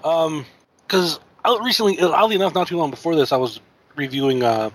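A man's voice: a little high, brisk, low-quality recording. A man talking casually as a panelist on a movie podcast, dry and teasing.

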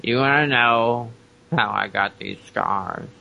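A man voicing an unhinged clown villain in a cartoon parody, with a gravelly voice and a slow, taunting manner. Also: medium pitch, highs cut off, heavily acted. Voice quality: gravelly, sing-song. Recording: cartoon audio over loud music.

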